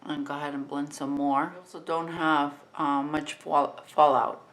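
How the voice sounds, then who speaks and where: A woman's voice: deep voice, normal speed. Chatty woman over fifty teaching makeup. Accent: New Jersey. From New Jersey. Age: 50s. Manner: relaxed, chatty, talks while working. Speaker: makeup tutorial host. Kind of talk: step-by-step makeup tutorial.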